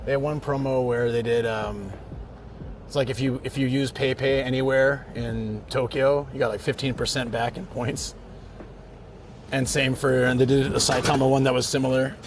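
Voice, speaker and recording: On a travel live stream, a man talks casually and rambles straight to his viewers, first on city streets and then from a parked car. His voice is medium in pitch, steady in tone, and at a normal speed. Music plays beneath him, with a little hiss or hum.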